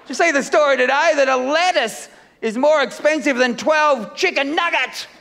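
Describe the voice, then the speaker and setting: A middle-aged man from Melbourne with an Australian accent, doing a loud, rambling, self-mocking stand-up routine on a festival stage. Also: very high-pitched, normal speed, vocal fry, long reverb tail, slight background noise. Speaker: stand-up comedian. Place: comedy festival stage with live audience.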